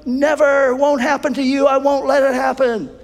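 A preacher putting on a brash, vehement Peter with a raised voice. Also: male voice, extremely high pitch, flat delivery, normal speed, creaky, voice pushed up. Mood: insistent. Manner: vehement, insistent protesting. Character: brash, boastful apostle Peter, adult man. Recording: long hall reverb.

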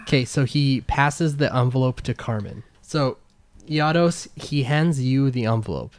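A man narrating a tabletop game as game master, talking in halting, filler-heavy bursts. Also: medium pitch.

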